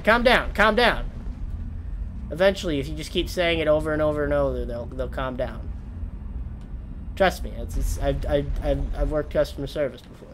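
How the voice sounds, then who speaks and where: A young man giving casual, rambling gameplay commentary, swearing and breaking into sudden loud yells. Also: medium pitch, slight background noise. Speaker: gaming streamer.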